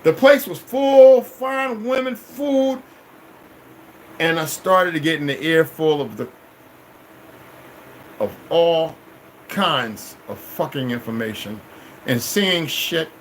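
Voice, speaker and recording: A man's voice: a little high, slow, long pauses, slight background noise, low-quality recording. A middle-aged man telling a long personal story as a vlogger, in a rambling, profane, emphatic way. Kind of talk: casual storytelling monologue.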